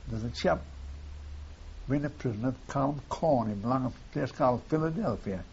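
Older man telling war memories, gravelly, rambling, muffled old tape. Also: medium pitch, brisk, darkish tone. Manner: rambling, repeats phrases, tags lines with "see". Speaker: war veteran interviewee. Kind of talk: oral history reminiscence. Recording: dull lo-fi tape with faint hiss.

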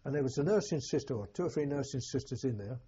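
Old english vet telling war stories, raspy, lots of restarts, muffled old tape. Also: male voice, mid-range voice, lively intonation, mellow. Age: older. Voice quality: husky. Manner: halting, plain-spoken storytelling with many restarts. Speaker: war veteran recounting memories. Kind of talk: oral history testimony.

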